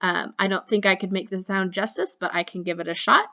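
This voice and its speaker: A woman's voice: medium pitch, fairly quick, pushed and bright, lo-fi sound. A young woman lecturing a voice and diction class in a casual, chatty way, full of fillers and self-corrections. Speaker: college voice and diction instructor. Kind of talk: recorded online lecture.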